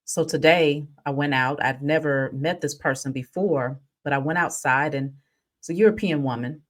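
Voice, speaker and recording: A woman hosting a casual spiritual vlog, telling stories in an animated, chatty way. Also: sits low, normal speed. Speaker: spiritual reader.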